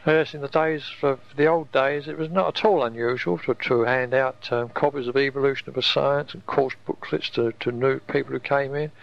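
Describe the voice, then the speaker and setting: An older man from England, his English accent faded by decades in Australia, talks on a home tape recorder in a casual, rambling letter, halting and repeating his words. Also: mid-range voice, fairly even intonation, creaky, highs cut off. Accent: faded English, worn by decades in Australia. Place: home in coastal Queensland.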